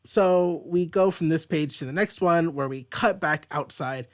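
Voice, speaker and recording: Comic nerd guy rambling through pages, kinda high voice. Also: unhurried. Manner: rambling, lots of likes and restarts. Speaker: comic book reviewer host. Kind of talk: casual page-by-page comic recap.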